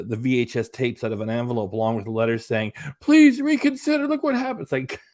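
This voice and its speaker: A man's voice: mid-range voice, no echo, studio quality. A man hosting a reaction channel, giving sarcastic, rambling casual commentary.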